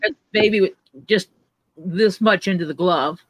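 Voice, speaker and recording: A man's voice: sits high, unhurried, a bit bright, a little hiss or hum. A man in casual chat, telling stories with dry jokes. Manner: dry, joking storyteller.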